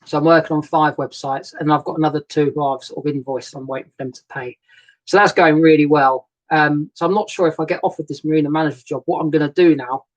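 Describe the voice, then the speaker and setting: A man's voice: a little high, fairly even intonation, fast, muffled recording. Male host, casual live-stream chat from a boat cabin; easygoing, rambling, greets viewers by name; laptop webcam audio. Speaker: narrowboat vlogger hosting a live stream. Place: narrowboat cabin. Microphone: laptop webcam and new microphone.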